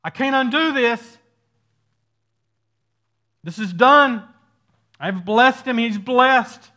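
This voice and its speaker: A man's voice: very high-pitched, very slow, bright, forceful tone, pitched above the performer's own voice, heavily acted. A male preacher voicing a trembling old father, declaring his words in a raised, emphatic voice. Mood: shaken.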